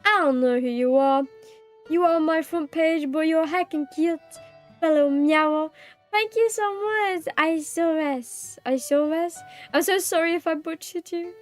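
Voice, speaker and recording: A young British woman streaming live, chatting casually with her viewers and reading their messages, bubbly, giggly and quick to apologize. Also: very high voice, faint music behind.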